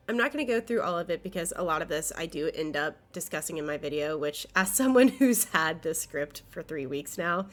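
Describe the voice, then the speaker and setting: Young woman w a stuffy nose doing a video essay, kinda low voice, eager. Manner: earnest, enthusiastic, with occasional fillers. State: sick, nasal and congested. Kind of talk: scripted video essay commentary.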